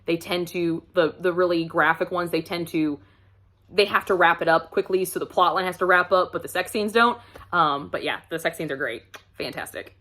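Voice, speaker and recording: A woman's voice: lowish voice, moderate pace, a bit bright. A woman reviewing books in a casual vlog, chatty and gushing, laughing often as she talks. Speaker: book reviewer.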